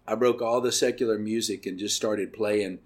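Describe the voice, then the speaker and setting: A middle-aged man hosting a podcast and telling his personal testimony, earnest and halting, with many pauses and fillers. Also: lowish voice, steady tone. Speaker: podcast host.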